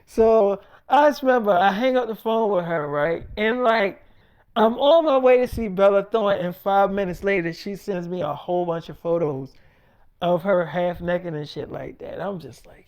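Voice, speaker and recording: A storyteller improvising a crude comic tale, rambling and swearing, acting out both sides of each exchange and often dropping into a low, hushed voice. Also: normal speed, clean tone. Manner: profane, rambling, quoting others in dialogue; drops to a low, hushed voice for long stretches.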